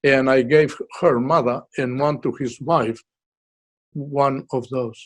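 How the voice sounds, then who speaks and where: A man talks as a guest in a relaxed podcast interview. He speaks haltingly and often stops to search for words, with frequent fillers and restarts. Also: medium pitch. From Uruguay. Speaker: guest artist. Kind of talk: casual interview.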